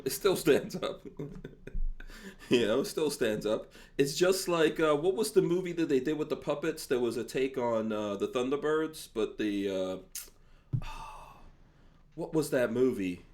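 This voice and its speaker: A man's voice: mid-range voice, lively intonation, unhurried, darkish tone. A middle-aged man hosting a casual podcast chat, laughing often and mimicking people as he tells stories. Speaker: podcast host.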